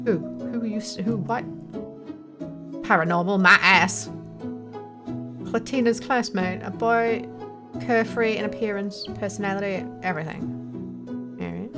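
Over music, a gaming video host with a mid-range voice reads game dialogue aloud in her let's play. She adds crude joking asides and quick mock character voices.

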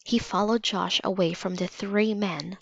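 A woman narrating a children's storybook aloud in a calm, measured way. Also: mid-range voice, vocal fry, dry recording. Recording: slightly dull lo-fi recording.

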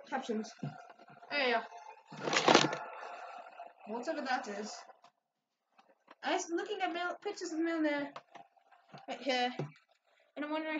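A woman vlogger chatting casually with teasing, rambling asides while crafting. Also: high voice. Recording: echoey, distant, dull, noisy room.

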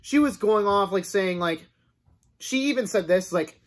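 A man's voice: high voice, lively intonation, measured pace. A young man casually telling a story from his school days, rambling and filling his talk with "like". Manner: rambling, full of "like" fillers. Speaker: vlogger.

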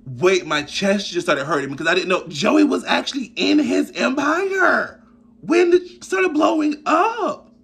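Man, reaction host, husky, emotional, unhurried. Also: very high voice, lively intonation, fairly bright tone. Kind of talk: video reaction.

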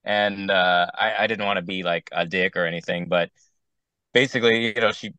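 A man's voice: sits low, steady tone, moderate pace, pushed and bright, smooth, no echo, low-quality recording. A man working as a wedding DJ, telling a rambling, exasperated story on a casual round-table show, acting out both sides of each conversation.

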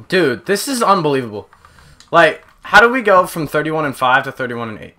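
Excitable young man gaming commentary. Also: fairly high pitch, fairly quick. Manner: excitable, yelps and exclaims often. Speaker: gaming channel host. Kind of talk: live gameplay commentary.

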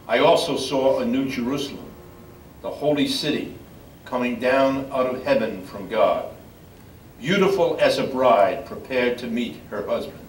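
An older man, a priest, reading scripture in a measured, solemn way at a memorial service. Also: mid-range voice. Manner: measured solemn reading, halting when speaking freely. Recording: echoey room from far off, faint background noise.

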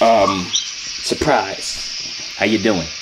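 Playful young man with a low voice. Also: steady tone, very slow, very noisy. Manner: playful, teasing, joking. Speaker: YouTuber and video chat app host. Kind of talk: casual vlog chat with strangers.

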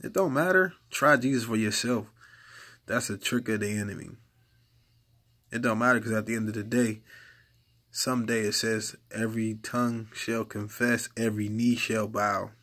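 A man's voice: lowish voice, steady tone, moderate pace, fairly bright tone. A man preaching informally to camera in an earnest, exhorting way, repeating his points for emphasis. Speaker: lay preacher.

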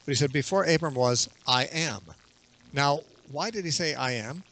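A male bible teacher, interviewed on radio, explains scripture in a measured way and quotes verses at length. His voice is fairly high-pitched and a bit bright.

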